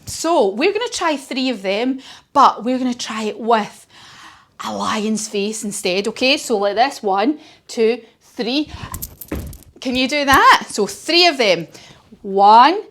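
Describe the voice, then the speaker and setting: Lady teaching kids yoga thru a story, highish voice, gentle n encouraging. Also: expressive, takes it slowly. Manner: gentle, encouraging, sing-song. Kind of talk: storytelling yoga class for children.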